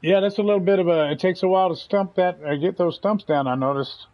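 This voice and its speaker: A man's voice: sits high, fast, no room sound, muffled recording. A man giving casual, folksy commentary while playing a farming game, chatty and chuckling often. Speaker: gaming channel host.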